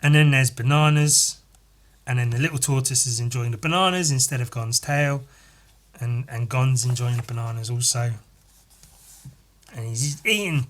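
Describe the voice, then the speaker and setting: Sweary podcast host telling a story. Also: male voice, mid-range voice. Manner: animated, sweary, laughing. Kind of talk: casual chat, retelling a picture story.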